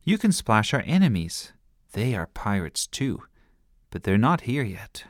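A man voicing a bossy little girl who plays pirate captain, loud and sing-song. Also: fairly low pitch, very animated, a little slow, dry recording, studio quality.

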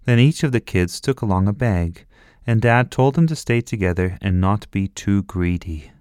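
A man narrating a children's story in a slow, rhythmic storytelling manner. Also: on the low side, expressive, a little mellow, clear, resonant tone, dry recording, studio quality.

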